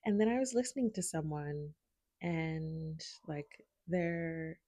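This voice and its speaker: A woman with a low, deep voice talks casually to a camera propped by her window. She rambles, laughs often and talks to her dogs between thoughts. The sound is dry and close, with no room echo. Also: lively intonation, slow pace, creaky, warm tone. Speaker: spiritual video creator. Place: home, by a window.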